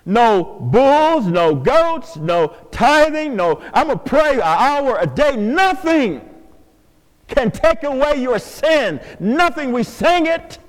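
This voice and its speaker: An older man preaching a sermon in a church, swinging from hushed, drawn-out pleas to loud calls to the congregation. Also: very high-pitched, very animated. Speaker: pastor. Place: church sanctuary. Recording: long hall reverb.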